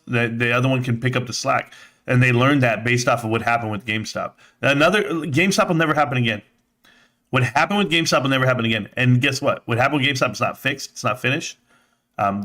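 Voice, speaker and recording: A man hosting a casual live stream, reading chat aloud and thanking viewers by name. He rambles in an animated, sometimes profane way and says he feels out of breath. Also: mid-range voice. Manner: rambling, animated, swearing, laughs often.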